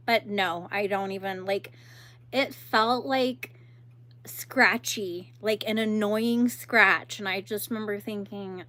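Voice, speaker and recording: A woman's voice: mid-range voice, unhurried, pushed and bright. A young woman hosting a crochet livestream, chatting casually and laughing while she answers viewers and works.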